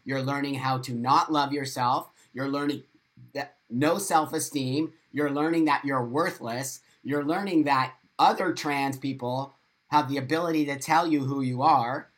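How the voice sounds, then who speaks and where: A man's voice: medium pitch, a little slow, fairly bright tone. A middle-aged man talks straight into his webcam on a live stream, answering viewers by name. His delivery is emphatic and repetitive, hammering points home with blunt, sometimes profane encouragement. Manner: blunt, swears. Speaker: livestream host. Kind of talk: live stream talk, reading viewer comments.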